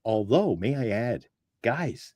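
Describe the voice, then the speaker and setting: Man, sports talk co-host, animated sarcastic storyteller, lively pitch, dry close mic. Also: takes it slowly, no room sound. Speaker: podcast co-host. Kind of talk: casual sports talk show chat.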